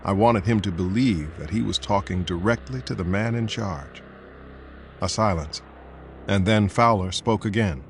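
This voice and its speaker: A man narrating a thriller audiobook in the first person, in a steady, measured way. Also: a little hiss or hum. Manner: steady, measured, low-key. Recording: soft music bed.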